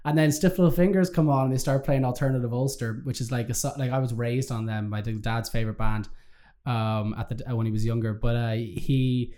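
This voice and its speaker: A man's voice: mid-range voice, steady tone, fairly quick, dark tone. A young man, co-hosting a podcast and telling rambling, laughing anecdotes with plenty of swearing. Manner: rambling storyteller, laughs often, swears freely. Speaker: podcast co-host. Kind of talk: casual chat.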